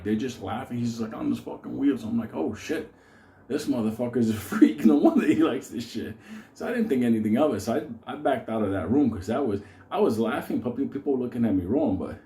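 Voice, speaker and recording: A man's voice: medium pitch, mellow, roomy sound. Profane, rambling middle-aged man telling a story. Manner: rambling, heavy swearing, laughs through the telling. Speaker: storyteller host.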